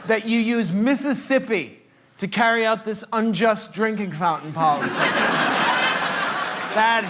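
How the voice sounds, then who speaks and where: A man's voice: sits high, a little slow, pauses often, a bit bright. Middle-aged male comic, mock-pompous, noisy stage. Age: 50s. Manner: wordy mock-pompous storytelling, building to emphatic punchlines. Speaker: stand-up comedian. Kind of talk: stand-up comedy set. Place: comedy club stage. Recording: noisy live stage recording.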